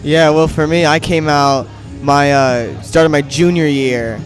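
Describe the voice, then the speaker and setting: A teenage man co-commentating casually, halting and repeating himself. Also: fairly high pitch, steady tone, over music. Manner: halting, repetitive. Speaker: student co-commentator. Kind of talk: casual chat.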